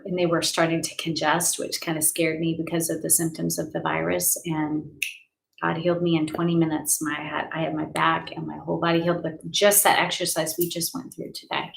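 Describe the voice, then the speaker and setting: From her home, a woman life coach hosts a live healing session, guiding breaths, sighs and spoken affirmations in a soothing, unhurried way. Her low voice has a gravelly fry and a level tone, and the audio quality is poor.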